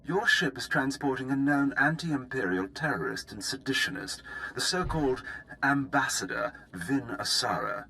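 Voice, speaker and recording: An actor playing a cold, ruthless Imperial fleet commander in a video game, speaking in a clipped, commanding way. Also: male voice, mid-range voice, sing-song, normal speed, pushed and bright, low-quality recording. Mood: menacing. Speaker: game character.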